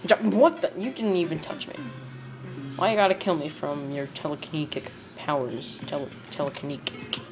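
A young woman giving animated gameplay commentary, yelping and shrieking when she fails. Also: deep voice, moderate pace. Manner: animated, yelps and shrieks at failures. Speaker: gamer. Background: game music.

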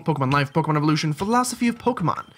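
A man's voice: on the high side, animated, rapid-fire, fairly bright tone, slight background noise. Chatty man narrating his gameplay. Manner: chatty, jokey, thinks aloud and reacts to the game. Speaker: let's play host. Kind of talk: casual gameplay commentary. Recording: faint background game music.

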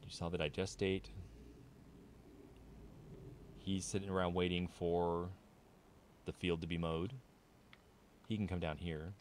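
Deep-voiced male streamer, casual running commentary while he plays. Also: flat delivery, measured pace, long pauses, slight background noise. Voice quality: low voice. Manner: rambling, thinking aloud to viewers. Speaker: game streamer.

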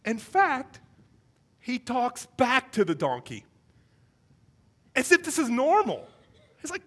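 Lively, high-pitched male preacher. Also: moderate pace. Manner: animated storytelling, acting out voices for comic effect. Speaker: pastor. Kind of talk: sermon.

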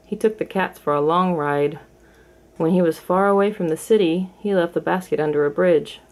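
A woman reading a children's storybook aloud in a clear, measured storytelling manner. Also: on the low side, darkish tone. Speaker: storybook reader. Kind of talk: storybook read-aloud for kids.

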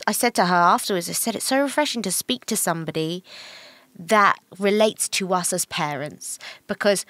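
A young woman co-hosting a casual podcast, chatty and self-mocking, with quick asides. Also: medium pitch, a bit bright, dry recording. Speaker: podcast co-host. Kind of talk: casual chat.

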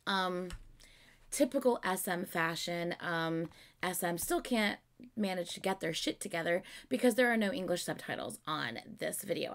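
Young female reaction host, gravelly, excited fan chatter kept hushed at home. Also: fairly low pitch. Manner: excitable and gushing, keeping her voice down. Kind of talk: casual music video reaction. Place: home, early morning.

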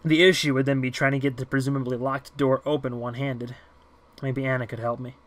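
A man narrating a novel as an amateur audiobook reader, in a plain, steady way. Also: mid-range voice, fairly quick.

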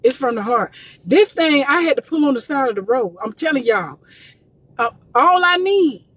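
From her car at the side of the road, a Columbus, Georgia, gospel promoter goes live on her phone, animated and fairly quick. Her a little high, husky voice carries emotion near tears as she preaches emphatically and says things over and over.

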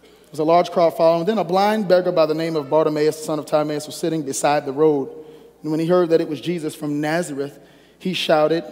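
Male pastor, high bright voice, preaching to a congregation, reverb-heavy hall. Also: a little fast. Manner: lively call-and-response, teasing the congregation. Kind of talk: sermon with scripture reading.

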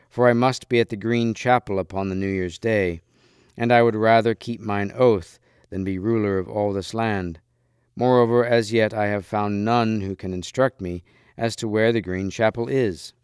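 A man's voice: lowish voice, normal speed, smooth, no room sound, clean studio sound, natural voice. A man voicing a courteous young knight. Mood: earnest courtesy. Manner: earnest, formal old-fashioned speech.

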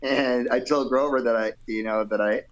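A man spins a loose, conversational tale as an interview guest, full of fillers and asides. He drops into playful put-on voices whenever he quotes someone, and his pitch sits right in the middle for a man. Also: moderate pace, lo-fi sound. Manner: animated, playful, acts out quotes with shifting voice; laid-back, rambling with fillers and "you know". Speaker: rock vocalist guest. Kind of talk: casual storytelling interview.

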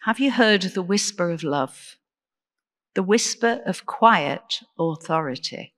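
A woman preaches a sermon at an unhurried pace, earnest and measured, often turning to questions for her listeners. Her voice carries a long reverb from the church around her. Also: on the low side, lively intonation, a bit bright. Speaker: deacon preaching.

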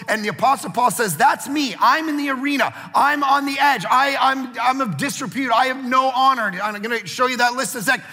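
Brief: male pastor in his forties, very high and bright voice with a gravelly edge, animated storytelling sermon in a big reverberant church hall. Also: a little fast, few pauses. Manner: animated storytelling preacher, acts out family dialogue.

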